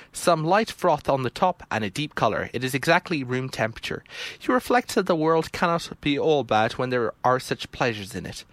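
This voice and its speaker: With a mid-range, slightly bright voice and no room sound in the recording, a young gamer works through a text adventure, voicing its text aloud and murmuring his typed commands in between his own commentary.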